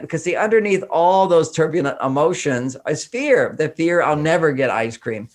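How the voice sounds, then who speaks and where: A man's voice: on the high side, lively intonation, normal speed, few pauses. A man from Houston, Texas, talking animatedly as a podcast guest and acting out bits of dialogue as he goes. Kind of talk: conversational interview.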